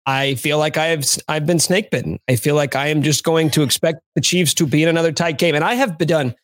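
A man's voice: on the high side, quick pace, no echo. A man hosting a sports podcast, chatting casually with a wry, sarcastic edge.

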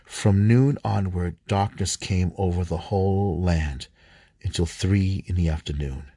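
A man reading scripture aloud, halting at times, stumbling and rereading lines. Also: deep voice, warm tone, breathy edge, dry recording. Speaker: scripture reader.

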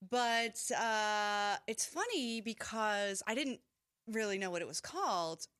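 A woman's voice: medium pitch, animated, slow, fairly bright tone, clear, resonant tone, no room sound, clean studio sound. A woman hosting a casual chat, giggly and full of fillers. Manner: chatty, giggly, filler-heavy.

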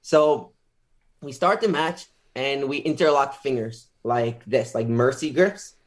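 A man being interviewed as a guest, casually retelling a story with lots of filler words and animated quotes. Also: fairly high pitch.

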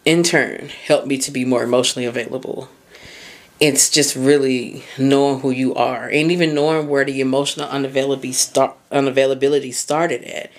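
Candid, laughing woman podcast host. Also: sits low. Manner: candid and conversational, casual swearing, frequent laughter. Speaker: podcast host and mindset coach. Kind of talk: casual podcast monologue.

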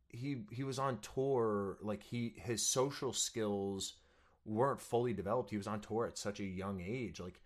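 A young man, a stage actor, chatting as a guest in an eager, earnest way, with lots of fillers and restarts. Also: on the low side. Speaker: musical theater actor, guest. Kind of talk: casual interview chat.

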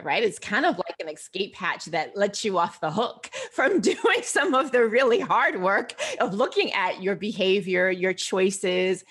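An older woman, a financial behaviorist, telling her story as a guest in an interview in a measured, articulate way. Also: mid-range voice, breathy edge. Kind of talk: interview answers.

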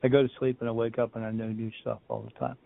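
Gravelly man on a phone-line call. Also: mid-range voice, flat delivery, fast talker. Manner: rambling storyteller, repeats and restarts, acts out quotes. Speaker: medium, podcast guest. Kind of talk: casual interview talk. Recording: phone-like remote call audio.

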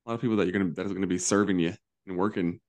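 A man co-hosting a casual pop-culture podcast, animated and campy, slipping into mock voices for jokes. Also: low voice, rapid-fire. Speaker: podcast co-host. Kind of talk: casual chat.

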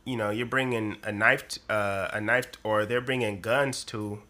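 A man's voice: lowish voice, steady tone, normal speed, sharp tone. A man co-hosting a podcast, talking casually and hesitantly with many filler words.

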